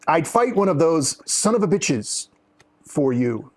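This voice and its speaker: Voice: medium pitch, very animated, unhurried. A co-host in a casual chat, unboxing fan mail, joking playfully and trying silly phrases. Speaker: podcast co-host.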